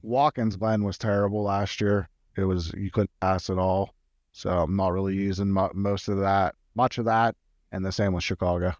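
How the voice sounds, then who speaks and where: A man co-hosting a sports betting podcast, working through numbers in an analytical, halting way. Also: sits low, steady tone, darkish tone, no echo, studio quality. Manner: analytical, many fillers and restarts. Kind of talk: casual sports betting chat.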